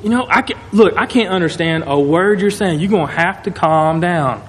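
A man voicing a flustered group of men who try to calm someone down, in an exasperated, placating way. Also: sits high, moderate pace, natural voice. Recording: echoey hall, faint noise.

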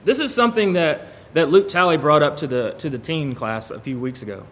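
In church, a man delivers a sermon, chatting casually with the congregation and reading scripture aloud in a conversational way. His voice is slightly high and a bit bright, and he speaks fairly quickly.

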